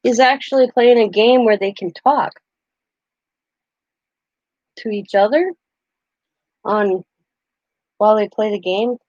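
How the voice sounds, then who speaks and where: Older woman, live-stream host, chatty and quick to laugh; dull, dry home recording. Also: mid-range voice, a little mellow, no room sound. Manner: chatty, laughs often, acts out quotes. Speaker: craft channel host. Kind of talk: casual live-stream chat.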